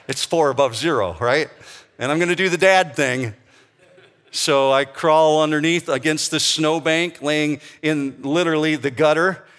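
A man's voice: medium pitch, a bit bright. A middle-aged man preaching a sermon, telling a personal story in a conversational way and asking his listeners questions. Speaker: pastor.

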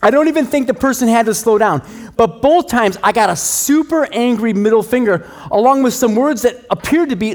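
A man's voice: very high-pitched, expressive, moderate pace, darkish tone. A middle-aged man preaching a sermon, telling stories about himself in a conversational, self-deprecating way. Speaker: pastor.

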